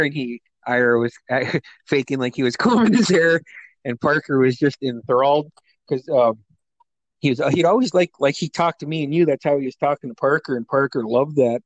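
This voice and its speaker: A man in relaxed conversation, recalling old memories with plenty of laughter. He slips into higher, punchier voices when quoting people. The sound is close and dry, with no room echo. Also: normal speed. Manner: animated storyteller, acts out quotes in a higher voice; laughs often, many fillers. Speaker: friend sharing memories. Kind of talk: casual storytelling chat.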